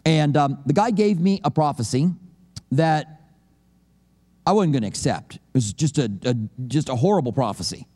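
A man preaches a conversational sermon, joking and acting out little scenes as he goes. His voice is mellow and warm, sitting a bit high for a man. It rings out with the long reverb of a large hall. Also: lively intonation, moderate pace. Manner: conversational, joking, acts out quotes. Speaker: pastor.

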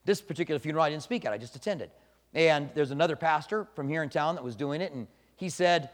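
A man preaching to his congregation, his voice sitting a little higher than most men's. He talks conversationally, dropping soft and then pressing points with emphasis. The sound rings out with a long reverb, as in a large hall. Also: fast talker. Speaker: pastor. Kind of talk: sermon.

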